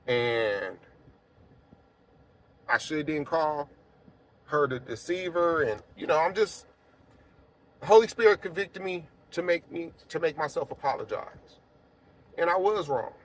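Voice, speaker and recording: A man's voice: a little high, lively intonation, measured pace, pauses often. Man giving a casual spoken testimony. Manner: conversational, many fillers, swings from quiet to emphatic. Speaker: apostle sharing a personal testimony.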